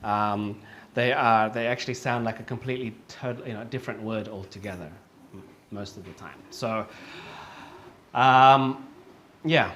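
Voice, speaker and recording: A little hiss or hum sits under this online pronunciation lesson, where a man with a fairly low but fairly bright voice speaks a little slowly. He repeats each English word patiently for learners, with frequent fillers and self-corrections along the way.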